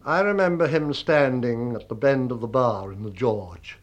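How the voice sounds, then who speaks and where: A man recalling an old friend in a measured, wry anecdotal way. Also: medium pitch. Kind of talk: spoken reminiscence.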